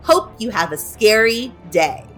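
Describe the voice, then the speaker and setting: A woman voicing a green horned monster working as a theme-park ticket taker, smooth and overly reassuring. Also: a little high, expressive, measured pace, a bit bright, faint music behind. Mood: falsely soothing.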